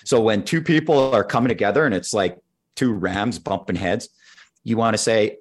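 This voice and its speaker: A man's voice: on the low side, moderate pace. A man speaking as a guest expert, patiently explaining his ideas step by step in conversation. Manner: patient, methodical teacher who walks through steps. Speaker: guest expert on team skills.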